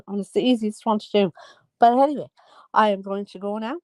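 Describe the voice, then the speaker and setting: A woman's voice: mid-range voice, fairly quick, a little mellow, no room sound. A woman talking in a rambling, chatty monologue, often losing her train of thought. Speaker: vlogger. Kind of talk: casual monologue.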